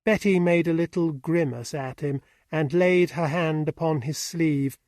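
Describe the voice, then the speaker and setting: A man narrating an audiobook with steady, even storytelling on a close mic. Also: on the high side, measured pace, dry recording. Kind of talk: scripted narration.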